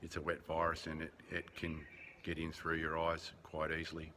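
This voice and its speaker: Low-voiced Australian man, noisy home video. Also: monotone, normal speed. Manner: rambling and earnest, many ums, blunt and sweary. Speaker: vlogger keeping a lockdown diary. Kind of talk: casual video diary.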